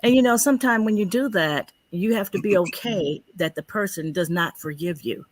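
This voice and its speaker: A woman co-host who chimes in to affirm the others in a lively way. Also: medium pitch, moderate pace, a crowd in the background. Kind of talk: casual chat.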